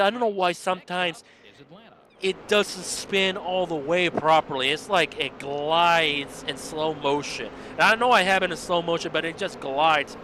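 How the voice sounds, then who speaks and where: Excitable man streaming a racing game. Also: fairly high pitch. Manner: chatty, rambling, bursts of excited cheering. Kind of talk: livestream gameplay commentary.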